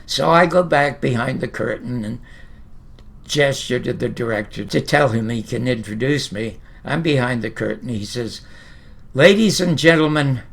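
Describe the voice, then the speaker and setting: A man's voice: mid-range voice, normal speed, vocal fry, a bit bright. An older man from Canada hosting a storytelling monologue to camera, a blunt, opinionated raconteur who swears casually. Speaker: host.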